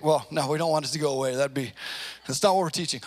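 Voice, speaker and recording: Brief: a high-voiced male preacher, lively storyteller acting out quotes. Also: fast talker. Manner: animated storytelling, acts out quotes. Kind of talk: conversational sermon.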